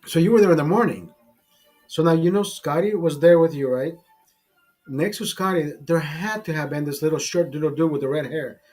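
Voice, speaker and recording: A man's voice: on the high side, brisk, a little mellow, soft background music. A man hosting a casual show, telling a rambling, profane story with many restarts and repeated words. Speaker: host.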